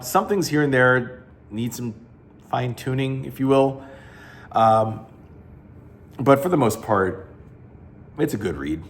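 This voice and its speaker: A man's voice: medium pitch, a little hiss or hum. A man giving a casual, rambling spoken review of a comic book collection, blunt and full of fillers and restarts.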